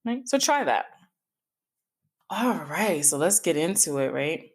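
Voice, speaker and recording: A woman's voice: low voice, very animated, slow pace, slightly rough. A middle-aged woman hosting a podcast, telling a personal story in a candid, informal way that wanders into tangents. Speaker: podcast host.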